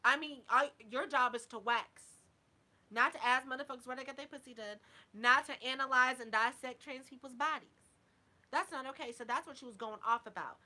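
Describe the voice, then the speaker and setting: A woman YouTube vlogger chats casually live with her viewers in a high, brisk, sharp voice. She's sassy and blunt, swears heavily, and sounds a little drunk.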